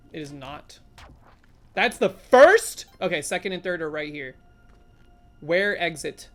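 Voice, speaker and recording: Lively woman streamer narrating gameplay. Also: on the low side. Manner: chatty, talks to chat, jumpy exclamations. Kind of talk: live gameplay commentary.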